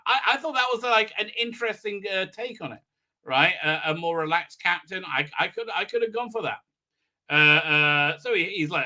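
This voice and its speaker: On a live stream, a man casually recaps a TV episode, mocking it and acting out lines in silly voices, with lots of "uh"s and restarts. His voice is high, bright, and forceful, with lively intonation and a moderate pace.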